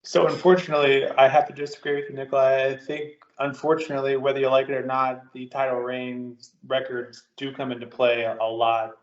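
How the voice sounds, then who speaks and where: Flat-toned man in a roomy, echoey space. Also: mid-range voice, fairly quick, few pauses. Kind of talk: casual wrestling prediction chat. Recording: roomy, dull lo-fi sound.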